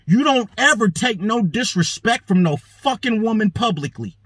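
He's a show host with a husky, high-pitched voice, moving at a moderate pace. His story comes as an animated, heavily profane monologue where he acts out the quoted speech of those in it, all recorded dry.

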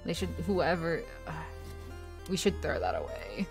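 A woman's voice: deep voice, wildly swooping pitch, measured pace, music in the background. A woman streaming a game from her home desk, chatting casually in a playful, giggly way and often apologizing to her chat.

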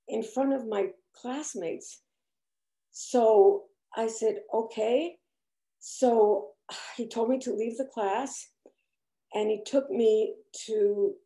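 A slow-spoken older woman with a light Spanish accent, her voice gravelly and mellow. She talks haltingly and nervously, restarting often, heard in an echoey room. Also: on the high side. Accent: Spanish-accented English. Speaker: church discussion speaker. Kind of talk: personal testimony to a group.

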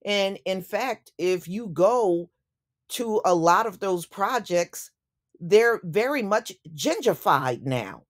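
A woman commentator talking straight to camera in an opinion vlog. She speaks slowly and deliberately, hammering her points with emphatic, indignant repetition at a middle pitch. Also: lively intonation. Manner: indignant, emphatic, repeats phrases for effect. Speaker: YouTube commentator.

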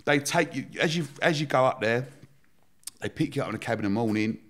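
A man at an everyday pitch, telling his story in easy podcast chat. He talks in an animated way, breaks into laughter often and swears without a second thought. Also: brisk. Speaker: podcast guest, entrepreneur.

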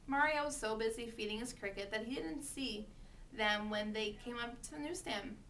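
Bright-voiced woman reading a storybook. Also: a little high, moderate pace, distant mic, slight background noise. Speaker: reader.

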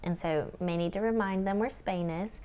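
A woman's voice: mid-range voice, normal speed, warm tone, clear, resonant tone. A young woman, a homeschool tutor, walking through her lesson plan and acting out the prompts she gives children in a sing-song teacher voice.

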